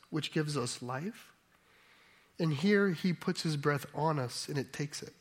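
Male pastor preaching a sermon, bit high voice, thinks out loud then gets emphatic. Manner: thoughtful, reflective, rising to emphatic.

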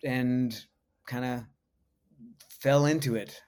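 A man's voice: mid-range voice, steady tone, a little mellow, clean tone. Laid-back man in his forties. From United States. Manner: laid-back, halting, self-deprecating. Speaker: voice actor guest. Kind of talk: casual interview storytelling.

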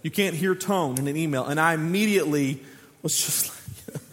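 Pastor guy around 40 preaching, kinda high voice, lively storyteller, long echo like a big church hall. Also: normal speed. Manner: lively storytelling preacher who acts out quoted dialogue. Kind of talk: sermon.

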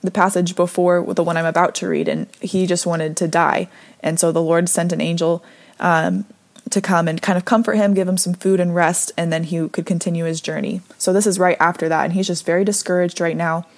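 A devotional speaker gives a conversational talk, earnest and gently encouraging, reading scripture aloud between her own thoughts. Her voice is fairly low and level, and she speaks fairly quickly.

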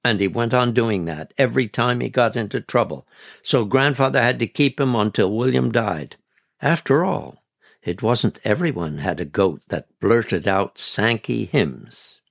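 A man's voice: mid-range voice, a little slow, gravelly, fairly bright tone. A man narrating a folksy story in a conversational, scripted reading. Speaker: storyteller, podcast reader. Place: community radio studio. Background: faint background music.

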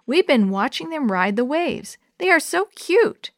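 A woman voices a caring but bossy older girl in a storybook, using a full character voice pitched above her own. Her delivery is high and sing-song at a measured pace, recorded in studio quality with no room sound.

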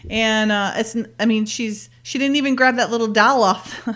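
A woman's voice: fairly high pitch, steady tone, normal speed, a bit bright. A woman in casual talk, retelling a TV episode scene by scene, laughing often and quoting the characters as she goes. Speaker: podcast co-host.

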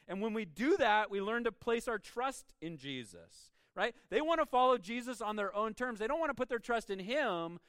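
A man preaching a sermon in a conversational way, dropping to soft, hushed lines and rising when he reads scripture aloud. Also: high-pitched, clear, resonant tone, dry recording. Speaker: pastor.

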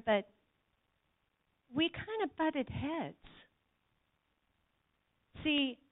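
A woman giving an earnest sermon testimony to a church congregation, speaking to them directly. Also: medium pitch. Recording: tinny phone-like sound.

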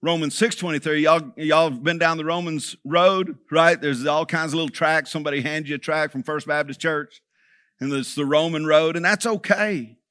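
A man's voice: on the high side, steady tone, normal speed, fairly bright tone, dry recording, clean studio sound. A man preaching a sermon as pastor, talking conversationally and checking in with the congregation.

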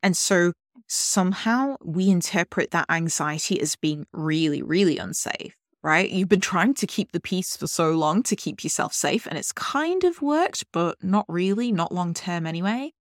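A woman hosting a solo podcast, talking earnestly and directly to the listener in a calm way. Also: lowish voice, moderate pace, no room sound, clean studio sound. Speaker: podcast host.

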